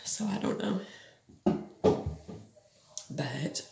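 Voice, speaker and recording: A woman's voice: low voice, animated, drawn-out words, vocal fry, reverberant, heavy background noise. A woman, venting in a rambling, frustrated personal vlog and swearing now and then. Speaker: vlogger.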